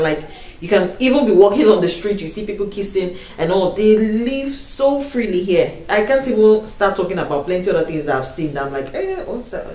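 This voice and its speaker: A woman's voice: on the low side, a little mellow. A young Nigerian woman vlogging to camera in a chatty way, laughing often and slipping into Pidgin. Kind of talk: casual vlog talk to camera. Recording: roomy echo, a bit distant from the mic.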